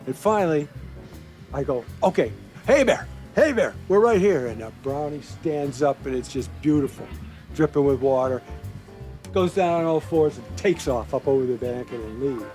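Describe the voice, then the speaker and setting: A man's voice: medium pitch, animated, moderate pace, darkish tone, soft background music, poor audio. An older man who worked for a state park, telling a story in a documentary interview and acting out the quotes.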